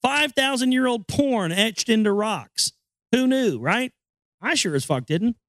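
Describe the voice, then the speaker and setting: A man reads an old text aloud and keeps breaking into crude, excitable commentary. His voice is high and swings widely in pitch. It is recorded close and dry, with no room around it. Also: unhurried, dry recording. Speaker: podcast host. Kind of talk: reading aloud and ranting commentary.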